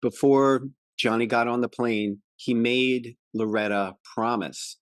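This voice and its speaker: A male podcast co-host recapping a film in casual chat, acting out the lines in quick voices. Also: medium pitch, clean tone, no echo, clean studio sound. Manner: animated, acts out movie quotes in voices.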